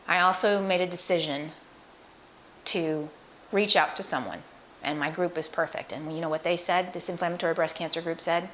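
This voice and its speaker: A woman's voice: on the low side, steady tone, moderate pace, a bit bright, a little hiss or hum. A middle-aged woman speaking personally to camera about her illness in an earnest, emotional, conversational way, with restarts and asides to the viewer. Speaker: cancer patient sharing her experience. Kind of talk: personal vlog talk to camera.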